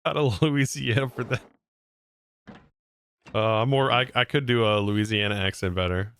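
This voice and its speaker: A man's voice: lowish voice, steady tone, moderate pace, a bit bright, smooth. A man streaming a game, chatting casually in a rambling way with restarts. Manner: rambling, with frequent restarts and laughs. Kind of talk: casual gameplay livestream chat.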